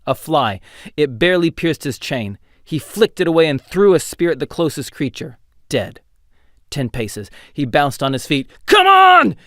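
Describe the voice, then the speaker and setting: A man narrating a fantasy audiobook in an expressive, dramatic storytelling style. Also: mid-range voice, no echo, studio quality. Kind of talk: scripted narration.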